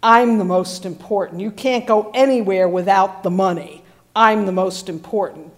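A woman's voice: mid-range voice, moderate pace, voice pushed down, natural voice. A woman preacher voicing a smug male disciple who controls the group's money. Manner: smug, self-important.

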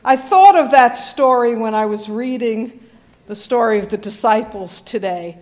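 A woman's voice: fairly high pitch, lively intonation, measured pace, darkish tone. A woman pastor preaching a sermon in a conversational, storytelling way with wry humor.

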